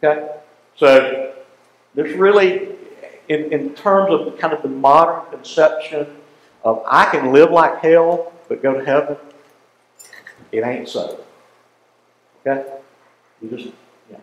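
Man, Bible teacher, folksy and animated, slightly high voice, echoey classroom. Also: a little slow, pauses often, dull audio.

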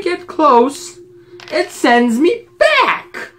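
A gaming channel host giving let's-play commentary at a desk mic, getting frustrated, ranting and yelling at the game. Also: medium pitch, slow pace, pauses often, soft background music.

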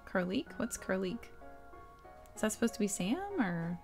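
Soft-spoken woman narrating a game. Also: medium pitch, measured pace, long pauses, soft background music. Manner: soft, quiet and musing. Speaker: let's play streamer. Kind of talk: relaxed let's-play commentary.

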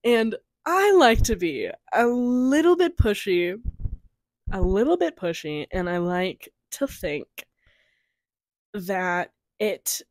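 A young woman casually chatting through a trailer review, rambling, giggling and trailing off into soft mumbles. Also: medium pitch, very animated, slow, no echo.

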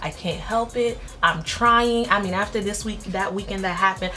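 A woman in her twenties telling a personal story in a casual vlog, blunt and slangy, jumping up in pitch when she acts out quotes. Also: moderate pace, few pauses, soft background music. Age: 20s. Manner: animated, jumps up in pitch when acting out quotes; slangy, blunt, self-mocking. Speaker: vlogger.

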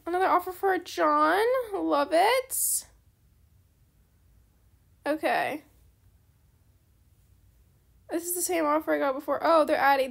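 A woman's voice: high-pitched, vocal fry. A young woman casually chatting while trading in a game, talking to herself and her viewers and apologizing often. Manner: chatty, apologetic, easily excited. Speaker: gaming channel host. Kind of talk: casual gameplay commentary.

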